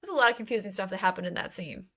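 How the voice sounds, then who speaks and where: A woman's voice: mid-range voice, racing, sharp tone. A woman co-hosting a book podcast, recapping a novel in casual chat and playfully acting out the characters' lines with a laugh in her voice.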